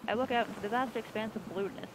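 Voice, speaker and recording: A woman's voice: fairly high pitch, steady tone, fast talker, background noise. A woman streamer reading a video game aloud and playing it, with playful joking asides.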